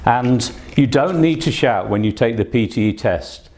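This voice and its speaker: A man's voice: medium pitch, animated, moderate pace, darkish tone, slight background noise. A man teaching an online English speaking test lesson, patient and encouraging, with frequent fillers as he explains.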